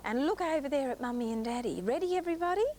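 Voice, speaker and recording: A young woman presenting a children's TV show in a coaxing, sing-song way, speaking slowly to small children on a clip-on mic in a studio. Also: sits high, lively intonation, a little mellow, a little hiss or hum. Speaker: children's TV host. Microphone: clip-on mic on jumper.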